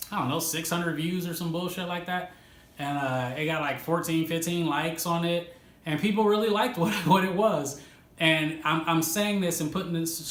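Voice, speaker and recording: A man hosting a casual advice vlog for music creators, swearing freely and laughing between points. His voice sits a little high. The room around him echoes. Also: a bit bright. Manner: profane, laughing, emphatic. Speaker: music producer and video host. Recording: roomy echo.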